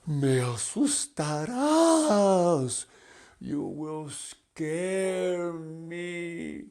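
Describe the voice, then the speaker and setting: A man's voice: on the high side, expressive, drawn-out words, dark tone, voice pushed up, full character voice. A man voicing a vain little female butterfly in a storybook tale, speaking coy and sing-song. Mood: frightened.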